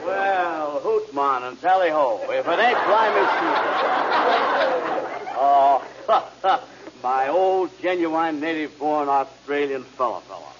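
Dim easygoing sidekick, slow drawl, literal-minded, muffled old radio recording, heavy crackling noise. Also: male voice, fairly high pitch, animated. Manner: slow-witted, drawling, takes words literally. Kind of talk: 1940s radio comedy acting.

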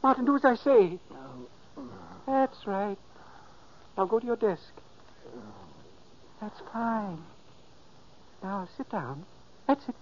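A man's voice: high-pitched, slight background noise. A solemn old man's ghost. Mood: coaxing. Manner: solemn narration, pleading. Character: ghost of an elderly man, earnest, urgent. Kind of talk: 1940s radio acting. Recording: dull old radio recording.

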